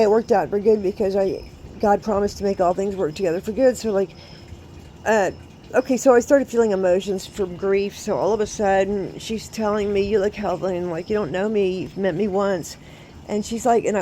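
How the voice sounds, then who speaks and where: Woman, mellow mid-range voice, rambling faith-filled storytelling, faint noise behind. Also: mid-range voice, poor audio. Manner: rambling, emphatic, preachy about faith; frequent fillers like "so, like" and "um". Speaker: vlogger sharing a personal faith story. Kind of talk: casual storytelling monologue.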